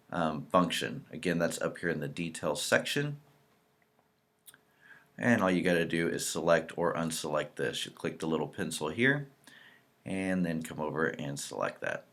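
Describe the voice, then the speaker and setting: Male trainer, deep voice, easygoing tutorial delivery at a desk mic. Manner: relaxed, explanatory, types out example entries as he talks. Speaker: real estate software trainer. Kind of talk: screen-recorded software tutorial.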